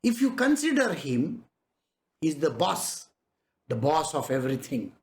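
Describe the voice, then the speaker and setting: Lively man giving a spiritual discourse. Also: a little high, measured pace. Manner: conversational, rhetorical questions, chuckles often. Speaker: spiritual teacher.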